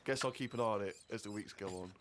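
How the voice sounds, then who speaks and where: A man's voice: lowish voice, fast talker, background noise. Dry man reading a diary aloud. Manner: dry, deadpan reading, bursts into laughter. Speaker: co-host.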